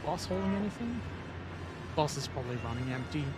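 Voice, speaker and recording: A man's voice: on the high side, very animated, brisk, very noisy. A man casually commenting while playing a video game, rambling and joking to himself as he goes. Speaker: gaming video host. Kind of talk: casual let's-play commentary.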